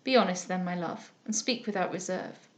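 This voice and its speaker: A woman voicing a gentle, grave old guardian. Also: medium pitch, normal speed, close to an everyday voice. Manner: soft, mild, solemn speech.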